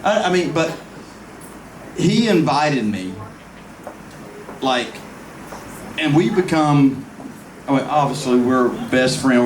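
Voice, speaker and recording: A man's voice: medium pitch, expressive, takes it slowly, long pauses. Rambling, laughing man giving a toast. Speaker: friend giving a birthday toast. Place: party venue. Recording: echoey room mic from far off with noise.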